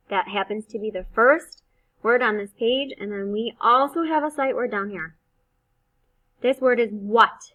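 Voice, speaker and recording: A woman teaching first graders to read, slowly stretching out the sounds of each word in an encouraging teacher voice. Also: on the high side, expressive, bright, forceful tone, far from the mic. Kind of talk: slow phonics reading lesson. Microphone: computer mic on a screen-shared video. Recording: slightly dull, lo-fi sound.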